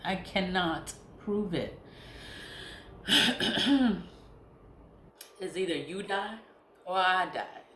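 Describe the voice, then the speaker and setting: A woman's voice: lowish voice, lively intonation, extremely slow, long pauses, a bit bright, echoey room, a little hiss or hum. A woman vlogger ranting casually to camera, blunt and profane, repeating herself with laughing asides.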